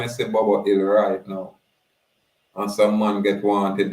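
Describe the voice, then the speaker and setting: A man with a Jamaican accent giving casual spoken commentary in a steady, low-key way, often asking listeners if they hear what he is saying. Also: echoey room, rough recording.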